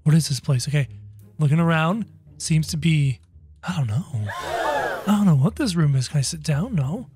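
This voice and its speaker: A man playing a brash, cocky cartoon rabbit jester, chatting excitably through a game and yelping when scared. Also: on the high side, moderate pace, pauses often, noisy background, natural voice. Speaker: gaming YouTuber playing in character. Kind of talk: in-character gameplay commentary.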